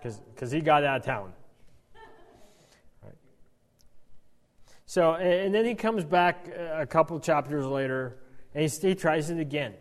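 Male Bible teacher, conversational and wry, lots of restarts; slightly high voice, reverberant hall. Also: unhurried, pauses often. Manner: animated, stammering restarts, wry asides.

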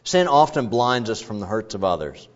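A man's voice: fairly low pitch, expressive, moderate pace. A man preaching an expository sermon in a conversational, digressive way with frequent asides. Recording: dull lo-fi recording.

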